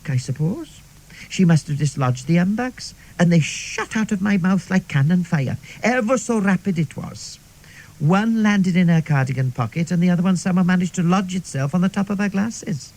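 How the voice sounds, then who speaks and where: A chatty middle-aged Welsh woman, voiced by a man, tells her stories in a radio comedy monologue. Her voice sits high, with a gravelly fry at the edges. She rambles in a confiding way and peppers her talk with "like" and "see". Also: darkish tone, rough recording.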